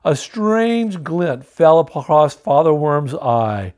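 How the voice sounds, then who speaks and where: A man reading a children's picture book aloud to kids, lively and showing the pictures as he goes. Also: fairly high pitch, creaky. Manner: lively, animated storytelling, pausing to show pictures.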